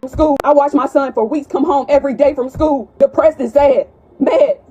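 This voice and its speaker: A woman's voice: sits high, moderate pace, dark tone, highs cut off. A mother confronting school staff indoors, distraught and pleading, repeating her accusing questions, filmed on a phone.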